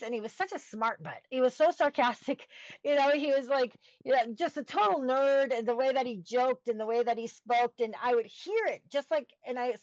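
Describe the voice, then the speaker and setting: A middle-aged woman with a fairly high voice shares a personal story in an earnest, halting way, often pausing to find her words. The sound is dull and lo-fi, and very dry. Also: dry recording. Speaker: podcast guest.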